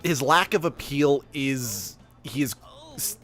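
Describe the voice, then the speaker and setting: A man's voice: medium pitch, lively intonation, slow pace, a bit bright, soft background music. A man putting on a fake-Russian edgelord heroine. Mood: deadpan. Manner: theatrical, formal broken-English persona. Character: reincarnated edgelord heroine, royal guard. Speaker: streamer. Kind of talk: in-character game commentary.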